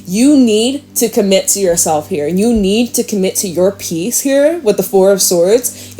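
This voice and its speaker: A woman giving a casual, frank tarot reading to her viewers, chatty and quick to swear and laugh. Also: medium pitch, mellow, a little hiss or hum. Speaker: tarot reader.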